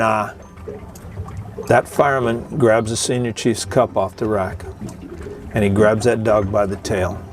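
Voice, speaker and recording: A man's voice: on the low side, background noise. Middle-aged man spinning a salty sea story. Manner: salty, joking, chuckles through the story. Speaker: retired Coast Guard veteran, video host. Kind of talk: casual spoken storytelling. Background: music.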